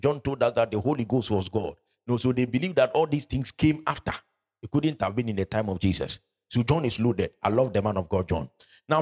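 A man preaching a sermon in a church hall, urging the congregation along and rising loud when he reads scripture. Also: medium pitch.

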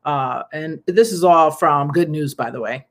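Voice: medium pitch, measured pace. A speaker in their thirties hosting a casual good-news talk, rambling and chatty with frequent laughs and fillers and earnest, preachy asides. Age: 30s. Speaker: podcast host and nonprofit founder.

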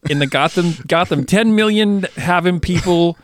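Podcast co-host, male, from New Hampshire, a little high-pitched, halting and chuckly. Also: no room sound. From New Hampshire, USA. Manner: halting, full of fillers and chuckles. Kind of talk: casual chat.

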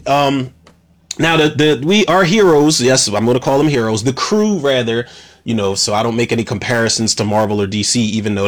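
A man rants casually through a movie recap, swearing freely and growing exasperated. His voice sits at an ordinary middle pitch and jumps up when he gets worked up. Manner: profane, animated, exasperated. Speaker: movie reviewer.

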